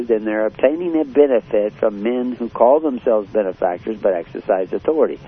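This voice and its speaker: A man preaching a blunt, confrontational radio sermon, often pausing with fillers. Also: medium pitch, husky. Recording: tinny phone-like radio line with faint hiss.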